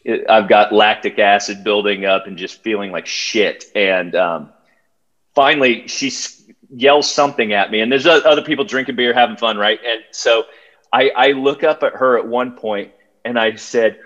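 A man, a podcast guest telling a story in a halting way, full of fillers and restarts. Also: lowish voice, steady tone, fairly bright tone. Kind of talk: casual storytelling. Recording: dull lo-fi sound.

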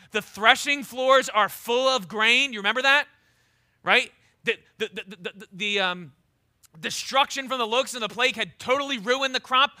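Emphatic preacher man, high bright voice. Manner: emphatic preaching, swings from loud to low and intense; repeats words when starting a thought. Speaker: pastor. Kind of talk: sermon.

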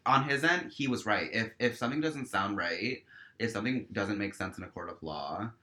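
In a laid-back podcast conversation, a stage performer sits in as a guest and recounts a story, speaking at a regular speed in a bright, forceful, somewhat low voice. Cursing and "like" pepper his speech as he animatedly performs the dialogue of the people involved.

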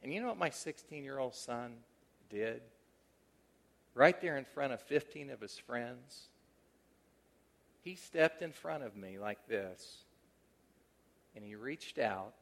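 A middle-aged male pastor preaching a sermon, telling a personal story in a conversational way that swings from animated emphasis to a hushed, tender tone. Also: medium pitch, vocal fry.

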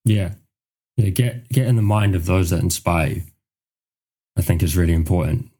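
A man co-hosting a podcast in relaxed casual chat, speaking in a measured way with frequent filler phrases. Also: low-pitched, breathy edge. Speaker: podcast co-host.

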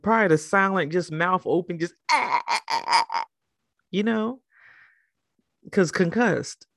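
Profane gravelly South Jersey woman. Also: lowish voice, a little slow, dry recording, studio quality. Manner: profane, animated, colorful asides. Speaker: podcast co-host. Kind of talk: casual chat.

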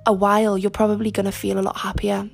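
A young woman hosting her own podcast in casual, chatty, self-mocking talk, a little husky today from lying on her front while recording. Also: medium pitch, monotone, fast, faint music behind. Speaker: podcast host. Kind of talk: casual solo podcast chat.

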